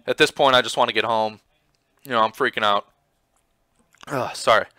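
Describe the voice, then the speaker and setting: A man casually commenting on his own motorcycle footage, rambling with lots of fillers and getting excited as he retells it. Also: mid-range voice, moderate pace, no room sound. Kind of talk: casual commentary over video.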